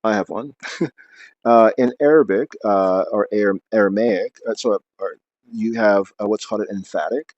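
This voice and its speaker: A man's voice: on the low side, normal speed, a little mellow, no room sound, dull audio. A man reading aloud from his book, then explaining at length off the cuff with many fillers and restarts.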